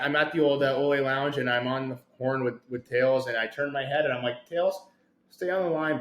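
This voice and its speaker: A man co-hosting a podcast, telling a long rambling story full of fillers and acting out the quotes with big swings in his voice. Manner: animated, acts out quotes with big pitch swings, many fillers. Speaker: podcast co-host. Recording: roomy echo.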